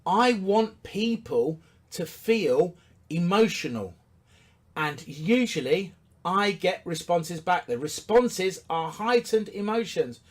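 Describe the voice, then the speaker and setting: A man's voice: high-pitched, animated, slow pace. A man giving a business coaching talk, emphatic and repetitive, asking rhetorical questions and hammering his points.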